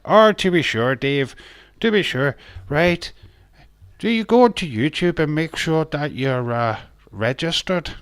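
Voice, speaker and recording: A man's voice: a little high, animated, slow, clean tone, no echo, pitched above the performer's own voice. A man putting on a jokey stage-Irish voice. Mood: mocking. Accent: put-on Irish. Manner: teasing, sing-song and loud. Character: exaggerated stage-Irish man, cheery and mocking.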